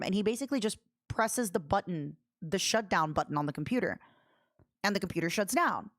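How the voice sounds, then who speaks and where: A woman streamer chatting casually, telling a personal story in a rambling, animated way with many restarts and asides. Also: medium pitch. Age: adult.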